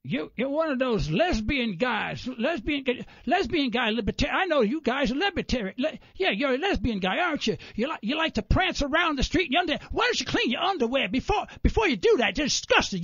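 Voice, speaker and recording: A man's voice: very high voice, sing-song, brisk, hardly any pauses, a bit bright, no room sound, voice pushed up, heavily acted. A man voicing a rude male caller who taunts and insults in a jeering, repetitive way, heard on dull lo-fi radio audio. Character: rude heckling male caller, mocking and disgusted.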